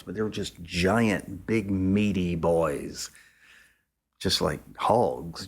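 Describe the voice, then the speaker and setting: A man's voice: low voice, creaky, breathy edge. A man, a photographer being interviewed, telling a loose, rambling anecdote with casual profanity. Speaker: photographer guest.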